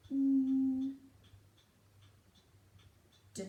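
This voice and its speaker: Woman, primary teacher, high voice, slow careful phonics, echoey room. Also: completely flat delivery, phone-quality sound. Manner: slow, clearly sounding out letters and words. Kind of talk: phonics lesson for young children.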